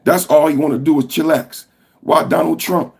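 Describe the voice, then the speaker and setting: Husky, impassioned male podcast host. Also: fairly high pitch, steady tone, moderate pace. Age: adult with a school-age son. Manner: impassioned, profane, rising to shouts. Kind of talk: political commentary podcast.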